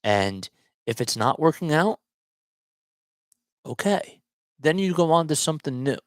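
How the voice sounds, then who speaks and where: A man's voice: a little high, very animated, measured pace, dry recording. Chatty man rambling through sports commentary. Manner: rambling, chatty, often restarts and digresses. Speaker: sports talk show host. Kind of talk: casual solo sports commentary.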